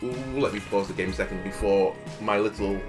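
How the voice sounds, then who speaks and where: A man's voice: lowish voice, brisk, music in the background. A young man telling a rambling story, full of fillers, while he comments on his game. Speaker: gaming video host. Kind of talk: casual commentary while playing.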